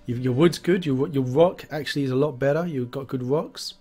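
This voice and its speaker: A man's voice: medium pitch, fairly quick, dark tone, soft background music. A man hosting a casual online interview, chatty and enthusiastic. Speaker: host.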